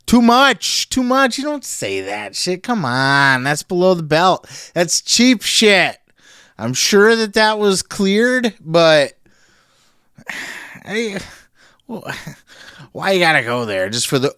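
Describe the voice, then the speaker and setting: A man reviewing a wrestling show in casual solo commentary, profane and animated, laughing often. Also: high voice, slow, pauses often, clean tone, no room sound, studio quality.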